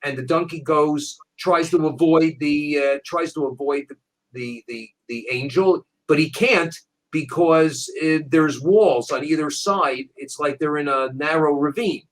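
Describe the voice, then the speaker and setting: A man, a rabbi, teaching a Bible passage in conversation, animated, repeating words as he restarts. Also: a little high, unhurried, low-quality recording. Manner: animated storyteller with frequent restarts.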